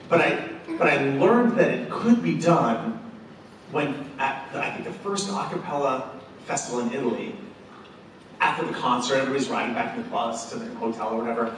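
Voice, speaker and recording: A man's voice: mid-range voice, moderate pace, long pauses. Joking man teaching in an echoey room. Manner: joking, animated, demonstrates sounds with his voice. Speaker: a cappella workshop instructor. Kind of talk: teaching a vocal workshop. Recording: distant mic in an echoey room with room noise.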